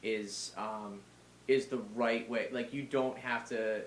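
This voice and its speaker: A man's voice: medium pitch, fairly even intonation, slow, slight background noise. A man, a Muay Thai fighter and trainer, chatting casually as a podcast guest, rambling along with lots of fillers and some swearing. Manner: rambling, filler-heavy and profane. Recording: roomy echo.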